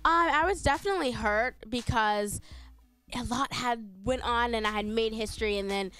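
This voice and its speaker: A seventeen-year-old girl being interviewed on a radio show, answering softly with frequent hesitations. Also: fairly high pitch, moderate pace, clear, resonant tone, no room sound. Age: teens. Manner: soft-spoken, hesitant, with frequent ums. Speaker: guest athlete.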